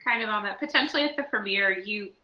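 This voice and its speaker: A woman co-hosting a casual podcast, telling stories in an animated, playful way. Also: medium pitch, fast, muffled recording. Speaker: podcast co-host. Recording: echoey room recording.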